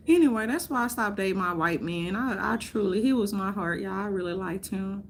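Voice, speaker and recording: A woman vlogging in a casual, rambling rant, swearing often, laughing, and swinging between loud outbursts and mutters. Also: medium pitch, moderate pace, slight background noise. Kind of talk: casual chat.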